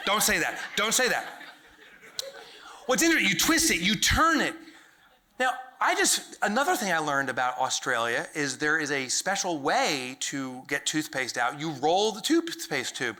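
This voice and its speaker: A man on stage giving a humorous business keynote, his voice high and sharply bright. His pitch swings widely as he acts out silly bits and shouts the punchlines. He talks to a live room in an animated way. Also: normal speed. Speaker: keynote speaker. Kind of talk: comedic keynote talk. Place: large event hall with live audience.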